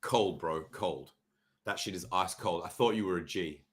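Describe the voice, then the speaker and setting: A young adult man hosting a casual livestream, sarcastic and mock-dramatic, swearing freely and often clearing his throat. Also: sits low, normal speed, a bit bright, slight background noise. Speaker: livestream host reviewing crypto charts. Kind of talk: casual livestream chart talk.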